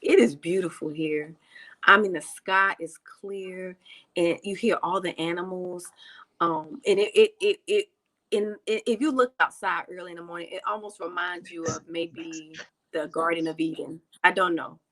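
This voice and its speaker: A woman's voice: fairly low pitch, steady tone, normal speed, a bit bright, rough recording. A woman from the United States, a guest on a video call interview, talking casually and repeating herself, with lots of "you know". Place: home in Tanzania.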